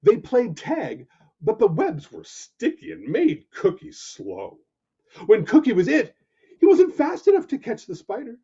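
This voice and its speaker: A man reading a children's story aloud with animated, expressive narration. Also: high-pitched, a little slow, husky. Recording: dull lo-fi recording.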